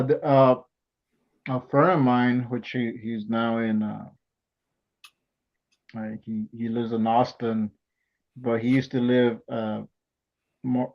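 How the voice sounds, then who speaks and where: A man hosting a podcast, chatting casually and recounting things in a halting way with many pauses and restarts. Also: medium pitch. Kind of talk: casual chat. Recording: dull lo-fi sound.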